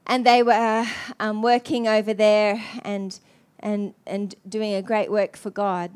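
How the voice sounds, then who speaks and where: A woman preacher telling a story in an earnest, halting way, with many restarts. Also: medium pitch, flat delivery, darkish tone, clean tone. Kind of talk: sermon storytelling.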